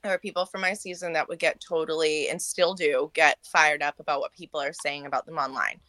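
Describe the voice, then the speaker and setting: Woman, podcast guest, bright low voice, blunt, self-assured, casual chat. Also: steady tone, brisk, no echo. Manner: blunt, self-assured, dismissive of online haters. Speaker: podcast guest, former reality show cast member.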